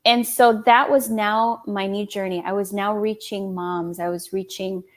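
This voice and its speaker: A woman in her thirties telling her own story in an interview, animated, laughing often and acting out quoted dialogue. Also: mid-range voice, measured pace. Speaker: guest, small business owner and designer.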